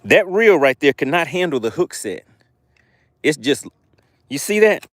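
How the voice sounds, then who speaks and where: A man's voice: on the high side, big pitch swings, measured pace, no echo, clean studio sound. A man hosting a live fishing stream outdoors, reading viewer chat aloud and teasing them playfully. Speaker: fishing livestream host. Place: outdoors by the water.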